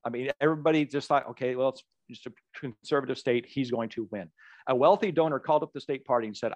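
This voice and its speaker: Man, political ad maker as interview guest, animated storyteller, dry close sound. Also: medium pitch, fast talker, no echo, lo-fi sound. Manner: animated storyteller who repeats words as he goes.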